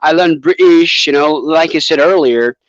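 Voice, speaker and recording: A man's voice: a little high, normal speed, dry recording, highs cut off. Chatty Bangladeshi man on a call. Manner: chatty, lots of fillers and restarts. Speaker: guest. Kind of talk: casual chat. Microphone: video call.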